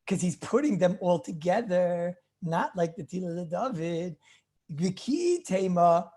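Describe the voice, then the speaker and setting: An animated rabbi with a high voice tells stories during a loose lecture on Jewish law. He tends to say things twice and clears his throat often.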